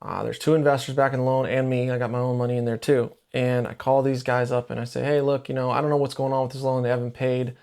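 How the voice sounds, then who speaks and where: Middle-aged male podcast host, mid-pitched, chatty storyteller who acts out the dialogue. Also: quick pace, vocal fry, few pauses, smooth. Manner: conversational, re-enacts dialogue with lively pitch jumps. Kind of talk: storytelling monologue.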